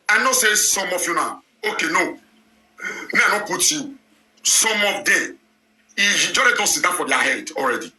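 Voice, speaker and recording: A man's voice: high-pitched, sharp tone, roomy sound. A man speaking with a Nigerian Pidgin accent, ranting heatedly as a show presenter and firing off rhetorical questions. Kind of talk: heated live talk.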